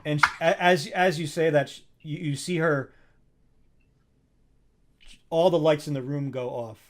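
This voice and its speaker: Man, dungeon master, theatrical scene narration, slightly higher voice. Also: steady tone, a little slow, a bit bright, a little hiss or hum. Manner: theatrical, speaks for characters and the scene. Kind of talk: narrating a tabletop game.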